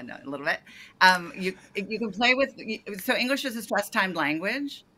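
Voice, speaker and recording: A woman with a deep voice, pushed and bright, coaches a startup founder over a video call. She gives detailed feedback and frequently corrects herself mid-sentence.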